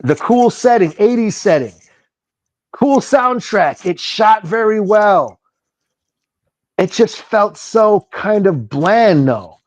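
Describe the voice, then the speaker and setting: Slow, high-voiced laid-back male co-host. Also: expressive, no echo. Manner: easygoing and laid-back, with casual slang. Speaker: podcast co-host. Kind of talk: casual chat.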